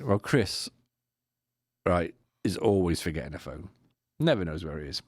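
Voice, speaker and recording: A man telling a lively anecdote on a podcast, slipping into mimicked voices and laughing as he goes. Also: sits low, moderate pace, no room sound, clean studio sound. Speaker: podcast co-host. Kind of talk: casual storytelling chat.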